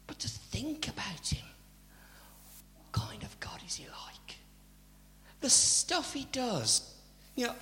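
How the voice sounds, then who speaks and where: A man preaching a sermon, chatty and animated, with asides to the congregation. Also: very high-pitched. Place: church. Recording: church hall reverb, faint hum.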